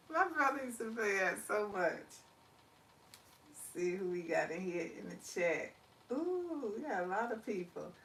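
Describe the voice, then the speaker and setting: A woman's voice: mid-range voice, sing-song, recorded from a distance, slight background noise. A woman hosting a casual live stream, reading out chat comments, laughing easily and closing with a spiritual encouragement. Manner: chatty, laughs often, drawls words slowly; warm encouraging sign-off with spiritual talk. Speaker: livestream host.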